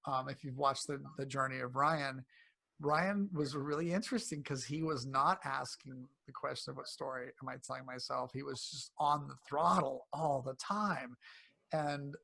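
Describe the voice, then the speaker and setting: A man being interviewed as a health coach, speaking casually and acting out quotes in animated voices. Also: mid-range voice, normal speed, gravelly. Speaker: cancer coach guest.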